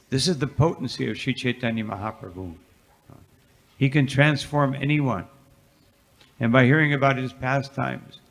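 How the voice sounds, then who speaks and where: Male monk lecturer, lively storytelling, mid-pitched voice, long reverb of a hall. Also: gravelly. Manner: lively storyteller, frequent "you know" asides. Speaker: monk giving a scripture class.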